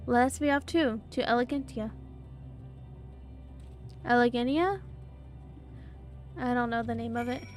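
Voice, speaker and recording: A woman's voice: on the high side, unhurried, pauses often, soft background music. A woman streamer giving emotive, exclamatory let's play commentary that often stammers. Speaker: gaming streamer.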